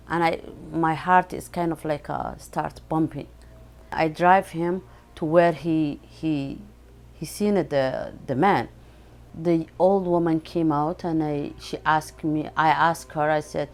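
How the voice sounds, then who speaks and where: Low-voiced woman, halting testimony. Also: a little mellow. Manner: halting, non-native phrasing with many fillers. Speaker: parent sharing her experience. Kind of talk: interview testimony.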